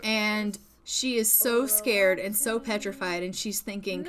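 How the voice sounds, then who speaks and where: A woman's voice: mid-range voice, fairly even intonation, a little slow, crowd noise. A woman narrating a life-sim game story in a casual, chatty way, full of fillers like "like" and "you know".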